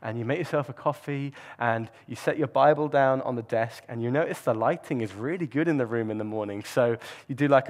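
A man giving a sermon, earnest and reflective, with the odd filler and restart. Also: a little high. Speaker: preacher.

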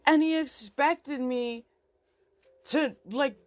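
Young adult woman, casual rant; swears freely, rambles, gets louder as she gets worked up. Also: high voice, takes it slowly, no room sound, faint music behind. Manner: heated, profane, rambling, filler-heavy. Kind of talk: angry personal rant to a friend.

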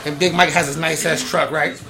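A man's voice: on the high side, brisk, creaky, roomy sound, music in the background. A man telling a funny story to his friends in casual chat, laughing often and acting out what his friends said. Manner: animated, laughing, acts out friends' voices. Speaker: podcast host.

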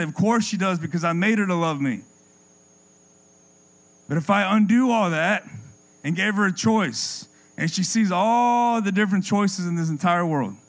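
Male preacher, slightly high pitch, passionate sermon delivery, faint crickets and hum in the background. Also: rough recording. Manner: impassioned, dropping low and soft for effect; repeats words when building a point.

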